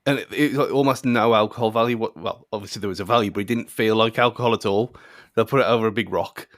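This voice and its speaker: A man's voice: fairly low pitch, fast talker, fairly bright tone, dry recording, studio quality. An English man chatting casually, hesitant and searching for his words. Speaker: podcast co-host. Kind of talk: casual chat.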